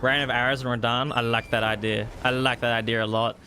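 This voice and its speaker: Bright-voiced excitable gaming streamer man. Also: mid-range voice, brisk, a little hiss or hum. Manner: excitable, swears freely, laughs often. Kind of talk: live gameplay commentary.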